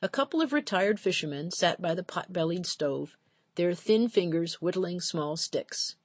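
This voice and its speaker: A woman narrating an audiobook in a measured, steady storytelling voice. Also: on the low side, no echo. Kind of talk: scripted narration.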